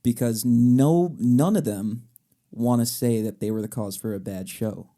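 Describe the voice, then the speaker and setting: A young man co-hosting a podcast in casual chat, an animated, jokey talker. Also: mid-range voice, a little slow. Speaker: podcast co-host.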